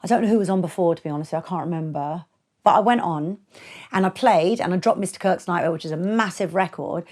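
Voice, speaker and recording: A middle-aged woman, a DJ and producer, telling stories in a podcast interview with blunt, animated delivery, acting out quotes and laughing often. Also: lowish voice, fast. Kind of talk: candid storytelling in a podcast interview.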